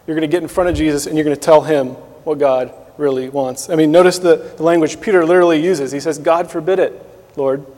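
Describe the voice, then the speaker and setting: A man's voice: fairly high pitch, darkish tone, long reverb tail. A man giving a sermon as a pastor, in a conversational manner, often asking listeners questions and adding "right?".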